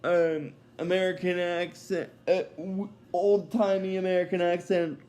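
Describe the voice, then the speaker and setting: A man's voice: high-pitched, level tone, unhurried, darkish tone. A man recapping a cartoon episode in a casual, rambling way, with many fillers and chuckling asides. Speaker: episode reviewer.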